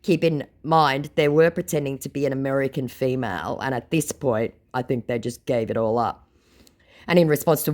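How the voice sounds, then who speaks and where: A woman's voice: very deep voice, moderate pace, a little mellow. A woman telling a funny story in a sarcastic, mocking way. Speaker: narrator. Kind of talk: comedic storytelling.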